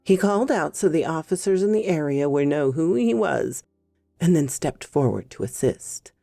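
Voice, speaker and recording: A woman reads a horror story in a measured, unhurried way, and her mellow voice carries a gravelly fry. She sounds close and dry, with faint music playing underneath. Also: low voice, expressive, no room sound. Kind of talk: scripted horror story narration.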